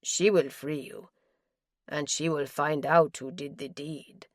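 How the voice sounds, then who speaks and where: Lady reading as a gentle deep-voiced man, soft and soothing, slow, dry close mic. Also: steady tone, dry recording. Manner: soothing, quiet.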